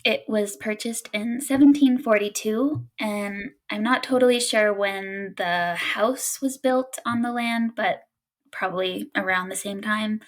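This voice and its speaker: A woman's voice: mid-range voice, unhurried, low-quality recording. A young woman co-hosting a casual podcast, telling a spooky story with frequent giggles. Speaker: podcast co-host.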